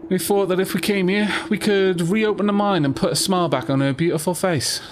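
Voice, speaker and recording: A man voicing a gruff, working-class London miner with a rough, slangy drawl. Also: high voice, steady tone, brisk, close to an everyday voice. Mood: sentimental. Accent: London (put on).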